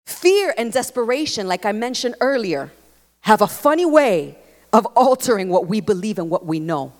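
A woman preaching a sermon, expressive and emphatic, leaning into repeated phrases. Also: mid-range voice, normal speed. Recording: long hall reverb.

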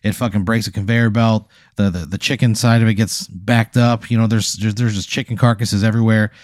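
A man improvising a deadpan, escalating comedic story, acting out quotes from the people in it. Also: fairly low pitch, brisk, dry recording, studio quality. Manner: deadpan, escalating absurd narration with acted-out quotes. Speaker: podcast host.

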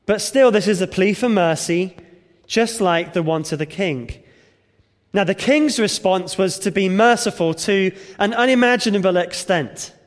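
High-voiced preacher in a reverberant hall. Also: male voice, unhurried. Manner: expository, emphatic, rhetorical questions. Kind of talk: sermon.

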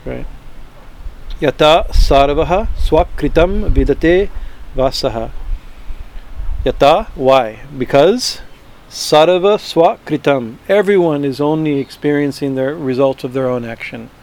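A man teaching a verse-by-verse scripture class, chanting Sanskrit words slowly and then translating them, with many fillers and restarts. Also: mid-range voice, lively intonation, darkish tone.

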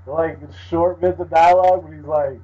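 Husky-voiced man joking around on a podcast. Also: on the high side, steady tone, warm tone. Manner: wry, joking, quick to riff. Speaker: podcast co-host. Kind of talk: casual chat. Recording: dull lo-fi audio.

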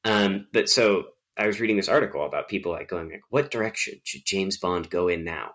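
Rambling low-voiced man, chatting. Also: brisk. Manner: rambling, animated storytelling with many fillers. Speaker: podcast co-host. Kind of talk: casual chat.

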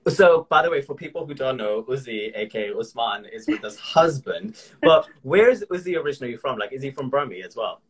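A man's voice: mid-range voice, big pitch swings, brisk, slightly rough. Upbeat man hosting a podcast. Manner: upbeat, enthusiastic, teasing. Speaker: podcast host. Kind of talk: scripted intro then casual chat.

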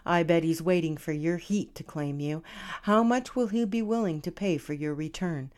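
A woman voicing a domineering male alpha pirate in a romance audiobook reading, delivering his lines low and threatening, sometimes half-whispered. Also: normal speed, a little mellow, close to an everyday voice. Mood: menacing.

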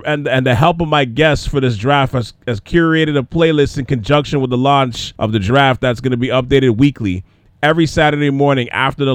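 A man's voice: mid-range voice, no echo, studio quality. A man hosting his own podcast, talking in an upbeat, chatty way as he plugs the show. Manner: upbeat, chatty, self-promoting. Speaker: podcast host. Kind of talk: casual podcast monologue.

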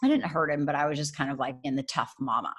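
A woman in her thirties in a casual faith chat, telling a story in a chatty, animated way with lots of fillers. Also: low-pitched, fast talker, slightly rough.

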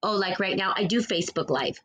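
A woman's voice: mid-range voice, expressive, fairly quick, a bit bright. A woman with a New Mexico accent hosting a livestream, moving between an earnest spiritual speech and casual replies to viewers' comments. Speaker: livestream host.

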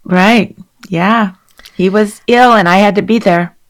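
A woman answers interview questions plainly and in a friendly way. Her voice sits at an ordinary middle pitch. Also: measured pace. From San Diego, United States. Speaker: guest. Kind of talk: casual interview chat.

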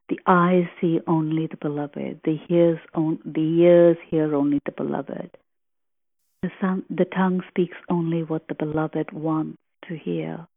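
Slow, breathy woman on a tinny line. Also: low voice, no room sound. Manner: slow, reverent, reflective, with long pauses. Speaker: podcast host explaining scripture. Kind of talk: reverent spiritual commentary.

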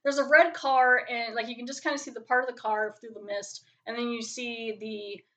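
A woman's voice: a little high, fairly even intonation, normal speed, bright, forceful tone. Rambling woman podcast host. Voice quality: rambling, many "like" fillers. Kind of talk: casual episode review chat. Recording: poor home podcast mic.

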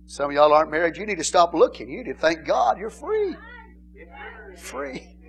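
A middle-aged male pastor, preaching in a joking, animated way and calling out to the congregation. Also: a little high, fast talker. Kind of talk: sermon.

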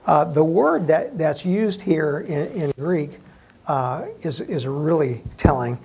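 A man's voice: fairly high pitch, animated, takes it slowly, creaky, darkish tone, a little hiss or hum, rough recording. A man preaching a sermon to a congregation in a church room, talking conversationally with frequent restarts. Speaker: pastor.

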